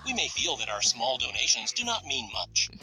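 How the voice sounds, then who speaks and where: A man reading scripted narration for a religious study video in a measured, earnest way. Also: mid-range voice, big pitch swings, pushed and bright, faint music behind, low-quality recording.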